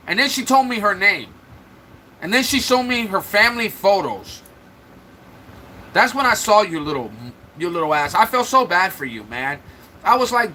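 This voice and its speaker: Here a man running a livestream ribs and taunts his chat in loose, jokey banter, using an expressive, sharp, fairly high voice at a moderate pace with long pauses. Slight background noise sits under the rough recording.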